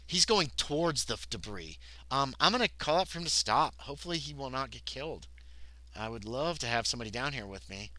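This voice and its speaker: Brief: man, streamer, casual chatty game narration, bright tone, lively pitch. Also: brisk, no room sound, low-quality recording. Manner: chatty, reads text aloud, thinks out loud. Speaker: solo game player and streamer. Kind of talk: casual livestream narration of a solo tabletop game.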